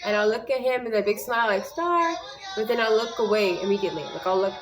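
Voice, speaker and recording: A woman's voice: medium pitch, steady tone, very fast, background noise. Rambling young mother giving speech tips. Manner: rambling, many fillers and restarts. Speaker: parent sharing speech tips. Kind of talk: casual advice vlog.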